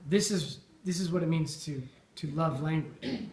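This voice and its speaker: At a Burns supper, a man offers an informal after-dinner toast, thoughtful and peppered with ums and false starts. His voice is fairly high and somewhat dark in tone, moving at a normal speed. The dining hall around him echoes.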